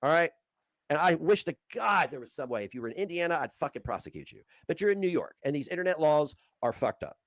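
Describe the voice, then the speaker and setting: A man's voice: fairly high pitch, very animated, quick pace, no echo, clean studio sound. A man co-hosting a livestream, ranting heatedly and swearing as he lectures someone. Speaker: livestream co-host. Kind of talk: casual livestream chat.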